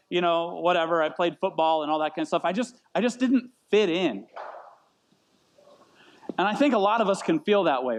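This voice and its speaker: A man in his thirties preaching a casual sermon, rambling and self-deprecating, often repeating words as he tells stories. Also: high voice. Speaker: pastor. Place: church meeting in a brewery.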